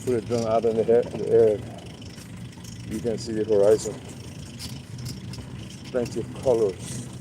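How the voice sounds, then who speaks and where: Slow, rambling man with street noise. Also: lowish voice, little pitch movement. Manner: rambling, repeats words, many fillers. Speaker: livestream host. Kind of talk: casual live-stream monologue.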